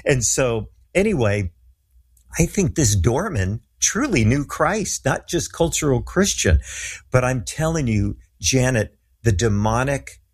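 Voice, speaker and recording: A man's voice: medium pitch, very animated, measured pace, husky. A middle-aged man, a guest minister, telling a story earnestly and with animation in a talk show interview.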